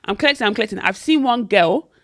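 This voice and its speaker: A woman's voice: medium pitch, fast talker. A woman, co-hosting a podcast and telling a long story in casual chat, acting out what people said. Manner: animated, acts out quotes in other voices. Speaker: podcast co-host.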